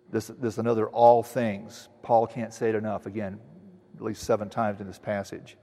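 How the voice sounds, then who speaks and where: A man's voice: on the low side, little pitch movement, dark tone. Earnest male preacher in a reverberant hall. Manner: earnest teaching, with frequent restarts and slow emphatic quotes. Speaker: pastor. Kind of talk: expository sermon.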